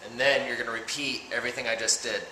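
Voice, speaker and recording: A man's voice: medium pitch, little pitch movement, fast, slight background noise. A man teaching a drum cadence in a casual, step-by-step way, saying the rhythms aloud as he goes. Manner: explains patterns step by step, speaking rhythms aloud. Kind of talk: casual instructional talk. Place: practice room with drums. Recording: very echoey room with loud drumming.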